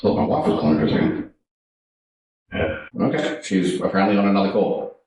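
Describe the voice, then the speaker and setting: A man in casual chat, relaxed and jokey while he works. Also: low-pitched, fairly quick, distant mic. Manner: relaxed, chatty, jokey asides. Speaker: tattoo artist. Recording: echoey room, off-mic.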